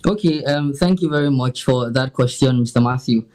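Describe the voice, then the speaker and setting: A man's voice: mid-range voice, moderate pace, darkish tone, low-quality recording. Articulate activist man. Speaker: education rights activist, studio guest. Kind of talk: TV studio interview.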